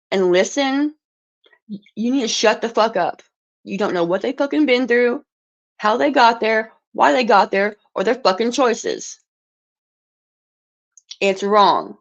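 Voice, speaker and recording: A woman's voice: on the high side, dull audio. A woman livestreaming an angry, profane rant, stumbling and restarting words as she gets heated.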